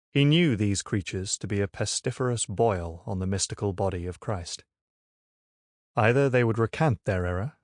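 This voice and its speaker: Male audiobook reader, lowish voice, measured and steady, dry booth sound. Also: dry recording. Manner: measured, even storytelling. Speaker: audiobook narrator. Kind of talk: scripted narration. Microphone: studio microphone.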